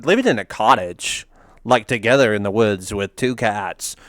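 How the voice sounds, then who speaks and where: A man's voice: lowish voice, normal speed, a bit bright, no room sound. A man giving casual reaction commentary on memes, ranting and profane, laughing often.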